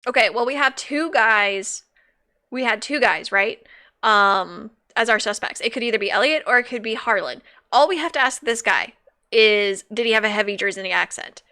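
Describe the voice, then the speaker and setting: A woman's voice: a little high, normal speed, bright, forceful tone. A woman streaming a game live, chatting playfully, laughing and reading chat aloud. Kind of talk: casual live-stream commentary.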